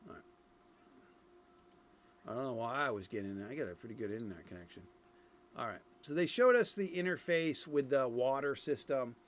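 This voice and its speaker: A man's voice: medium pitch, lively intonation, fairly quick, long pauses, a little hiss or hum. A middle-aged man from Ireland giving casual commentary on game footage, thinking aloud with many fillers and restarts. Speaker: streamer reviewing game dev footage.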